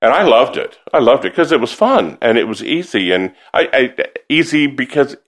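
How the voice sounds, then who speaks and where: A man's voice: medium pitch, sing-song, normal speed. A man from the American South, an opera singer, chatting casually in an interview and telling stories full of restarts. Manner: chatty, laughing storyteller with many restarts.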